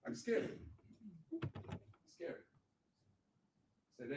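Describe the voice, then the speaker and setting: A man's voice: mid-range voice, wildly swooping pitch, a little slow, creaky, long pauses, darkish tone. A man in his sixties telling a blunt, profane, motivational personal story as a guest speaker at a meetup. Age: 60s. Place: event venue. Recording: echoey room mic from far off with faint noise.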